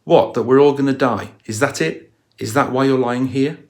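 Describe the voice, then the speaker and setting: A man's voice: medium pitch, moderate pace, darkish tone, natural voice. A man reading the lines of a bystander who keeps pressing another man to explain himself. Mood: insistent. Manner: insistent, pressing questions. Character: curious bystander growing desperate for an answer.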